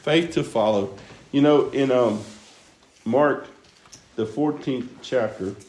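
A man's voice: mid-range voice, takes it slowly, darkish tone. A man preaching a Bible teaching, earnest and musing, asking questions aloud. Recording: roomy echo with faint background noise.

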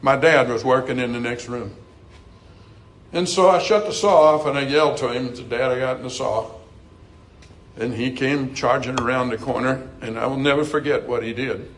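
A middle-aged man preaching a sermon earnestly, climbing to emphatic highs and dropping to soft, quiet passages. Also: moderate pace, slight background noise, low-quality recording.

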